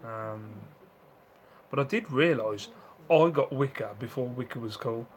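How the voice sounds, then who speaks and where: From his home, a man hosting a live stream to resell used goods chats easily, reads viewer comments aloud, laughs often, and voices the characters in his stories. He has a medium-pitched voice and a measured pace, and the recording is rough.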